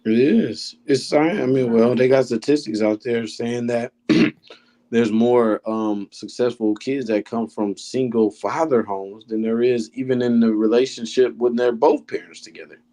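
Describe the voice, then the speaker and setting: A man's voice: mid-range voice, unhurried, dark tone. A man speaking bluntly and with profanity in a casual panel chat, often talking over the others.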